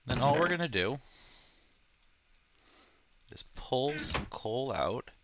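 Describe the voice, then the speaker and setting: A man's voice: mid-range voice, very animated, takes it slowly, noisy background. A man hosting a let's play, talking through his game with casual, joking, self-deprecating asides. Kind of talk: casual gameplay commentary.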